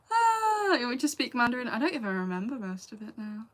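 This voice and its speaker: She has a fairly high, somewhat bright voice. An English woman in her late twenties, she speaks with a Lancashire accent edged slightly with Scouse. She's a YouTuber chatting casually through live chat questions, often laughing and dropping into asides.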